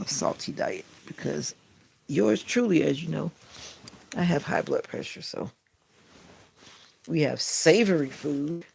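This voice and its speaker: A man's voice: a little high, creaky, a little mellow, slight background noise. A man hosting a casual morning live stream from home, rambling and chatty, often correcting himself mid-sentence. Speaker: live stream host and content creator. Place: at home in the morning, near a window with bird feeders.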